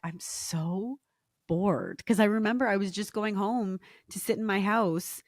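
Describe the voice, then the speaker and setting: A woman's voice: lowish voice, a little mellow, dry recording, studio quality. A woman in her thirties from Canada, a podcast guest talking candidly and reflectively in casual chat. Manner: candid, reflective, often laughs.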